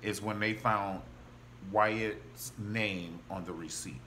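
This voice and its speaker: A man casually recapping a TV drama, gossipy and animated, acting out the characters' lines as he goes. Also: fairly low pitch, slow pace, a little hiss or hum. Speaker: TV show reviewer.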